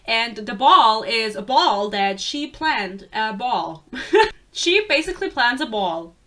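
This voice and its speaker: Bright-voiced young woman ranting about a book. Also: fairly high pitch, very animated, takes it slowly. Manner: rambling, sarcastic, swears casually. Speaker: book reviewer. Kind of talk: casual book rant.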